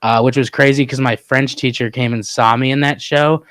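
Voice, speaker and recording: A man chatting as a podcast guest, telling easygoing stories that trail off softly. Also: medium pitch, fairly even intonation, normal speed, no room sound. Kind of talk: casual chat.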